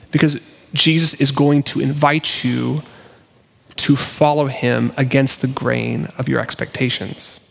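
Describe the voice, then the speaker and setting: A man's voice: mid-range voice, gravelly. A male pastor giving a sermon in an earnest, conversational, self-deprecating way. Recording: long reverb of a church hall.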